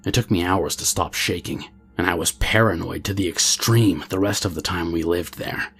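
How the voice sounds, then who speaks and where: A man reading a true scary story aloud as the channel's narrator, in a steady, low-key way. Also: moderate pace, breathy edge, soft background music.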